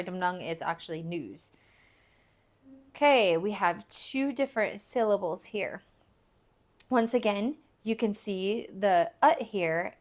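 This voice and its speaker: A woman giving a recorded phonics lesson, patiently explaining step by step and repeating example words for learners. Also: mid-range voice. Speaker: language teacher.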